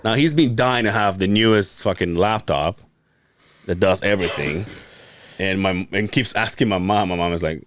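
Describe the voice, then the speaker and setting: A man's voice: sits low, normal speed, dry recording. A man hosting a podcast, telling a story in casual chat, cursing freely and acting out quotes with laughs. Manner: profane, animated storyteller, acts out quotes with laughs. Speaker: podcast host.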